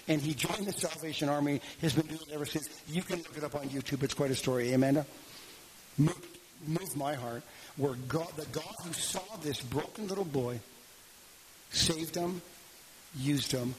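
A man preaching as a pastor, telling a story and leading a prayer, slowing down for dramatic emphasis. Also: fairly high pitch, crowd noise, low-quality recording. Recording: audible background noise.

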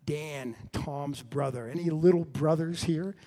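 A middle-aged man preaching a sermon, telling the story with lively swings between loud and hushed delivery. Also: on the high side, a little slow.

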